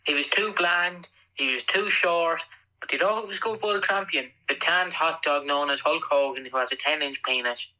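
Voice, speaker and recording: A man co-hosting a podcast, ranting crudely and excitably in casual chat. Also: a little high, normal speed, low-quality recording. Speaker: podcast co-host.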